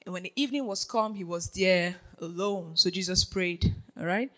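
A preacher giving a lively sermon, dropping to a hush and then rising to shouts, laughing often and checking in with the congregation. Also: mid-range voice, moderate pace, rough recording. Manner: animated, swings from hushed to shouting, laughs often; keeps checking in with the audience.

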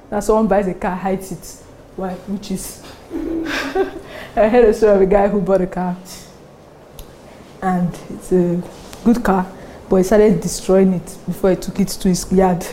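A Nigerian woman pastor preaching a sermon, animated and often laughing between her points. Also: mid-range voice, measured pace, long pauses, a little hiss or hum. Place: church service with congregation responding.

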